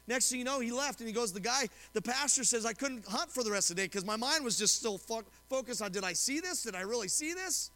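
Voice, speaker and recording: Talking fast with hardly any pauses, a male pastor preaches in an extremely high, expressive voice that's pushed and bright, leaving a long reverb tail. In the church sanctuary he reads scripture, retells a story with quoted voices, and regularly asks the congregation questions.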